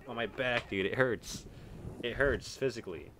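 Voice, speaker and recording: A young man from Texas giving live commentary on a shooter game, excitable, swearing and yelling at enemies. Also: mid-range voice, normal speed, a little hiss or hum. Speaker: gaming streamer.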